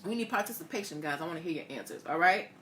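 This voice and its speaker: A woman's voice: fairly low pitch, lively intonation, racing, sharp tone, a little hiss or hum. A woman hosting a casual live stream, chatting with viewers, asking their opinions and reading their comments aloud. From Haitian family. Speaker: host.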